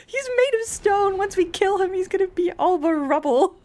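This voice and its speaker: A woman's voice: very high-pitched, unhurried, a little mellow. A woman streamer playing a game live, shrieking, swearing and laughing, then chatting with her viewers. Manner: chatty, reads and answers chat. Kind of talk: live gameplay commentary.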